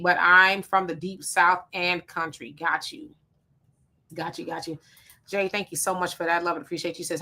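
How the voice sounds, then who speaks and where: Woman, livestream host, bright clear tone, reads chat comments aloud, short easygoing replies. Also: mid-range voice. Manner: quick, relaxed replies to each comment, with frequent fillers. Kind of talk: casual live chat, reading viewer comments aloud.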